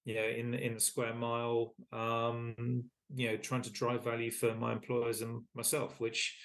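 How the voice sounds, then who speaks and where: A man in his fifties talks through his answers in an interview. He is articulate and reflective, with plenty of "you know" fillers. His voice has a middle pitch. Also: monotone, measured pace, a bit bright. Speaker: charity chief executive and guest.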